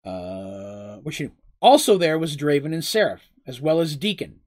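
Reading at a moderate pace in a mid-range voice, this narrator brings a fantasy story to life expressively. Occasionally the reader steps aside to speak straight to the audience.

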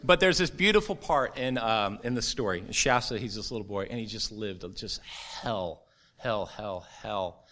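A middle-aged man preaching a sermon to his church, earnest and building to a forceful, rising close. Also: mid-range voice. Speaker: pastor.

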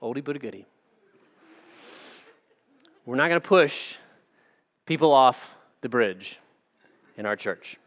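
A man's voice: medium pitch, expressive, slow, pauses often, fairly bright tone. A male pastor preaching a sermon in an earnest, emphatic way, with practical asides and storytelling.

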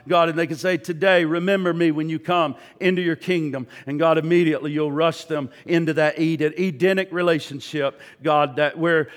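A male pastor preaching a sermon in a church, swinging from loud, fervent peaks to hushed, earnest prayer and often repeating his words. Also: a little high, in a large hall.

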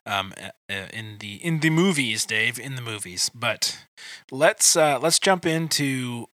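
A man hosting a casual movie review chat, talking in quick asides with lots of fillers. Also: mid-range voice, lively intonation, sharp tone, dry recording. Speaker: podcast host.

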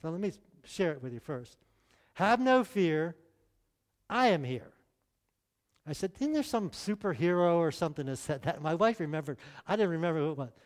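A middle-aged man with a rather high voice preaches to a congregation. He talks in a relaxed, chatty way and keeps checking in with the room by asking questions. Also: fast, few pauses. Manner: conversational, asks the audience questions. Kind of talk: sermon.

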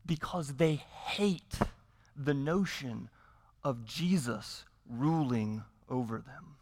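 A man delivers a sermon with a fairly high voice, pressing his points through repetition and rhetorical questions. His words ring out with a long reverb in a church sanctuary. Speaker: pastor.

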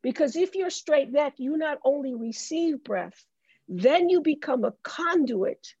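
A woman from the Bronx, speaking as a guest in an interview with a preaching cadence, slowing into emphatic drawn-out phrases. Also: high voice, lively intonation, a little mellow, dry recording. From the Bronx, New York. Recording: dull lo-fi dry sound.

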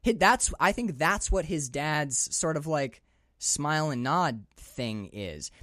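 Male podcast co-host, lively and profane, dry close-miked sound. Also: a little high, slow, no echo. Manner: animated, swears freely, acts out characters' lines. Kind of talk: casual movie discussion.

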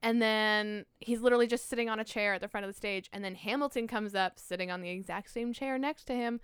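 A woman's voice: medium pitch, fast, clean tone, no room sound. Young female podcast co-host, casual and sweary, clean close-mic sound. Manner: excited, swears a lot, laughs often. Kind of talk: casual chat.

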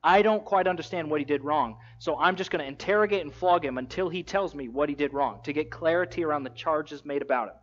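Animated storytelling preacher, slightly high voice. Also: male voice, fast talker, hardly any pauses. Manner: animated storytelling, acts out quotes in casual voices. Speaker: pastor. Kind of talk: sermon. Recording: dull lo-fi sound.

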